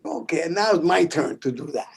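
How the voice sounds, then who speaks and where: A middle-aged man from the Bronx with a New York accent, telling stories in a casual interview, animated and swearing, acting out the voices of people in them. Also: a little high, fairly quick, slightly rough. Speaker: guest percussionist.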